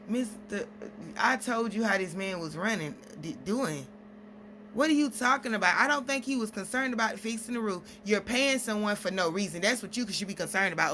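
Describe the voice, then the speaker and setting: A woman's voice: fairly high pitch, expressive, moderate pace, fairly bright tone, a little hiss or hum. A woman venting at length in a casual vlog, rambling through stories with quoted exchanges. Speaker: single mom vlogger.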